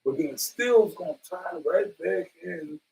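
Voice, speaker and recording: A man's voice: high voice, lively intonation, normal speed, gravelly, darkish tone, far from the mic, low-quality recording. A man in a religious brotherhood, talking earnestly and fervently to the group and calling them brother. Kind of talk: impassioned casual preaching.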